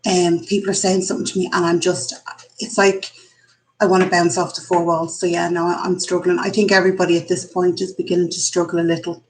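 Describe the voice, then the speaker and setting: An Irish woman in her forties hosts a casual live stream from her home kitchen, thinking aloud in a candid, chatty way. Her lowish voice is flat, quick, and darkish in tone. The audio is poor, captured on a computer mic.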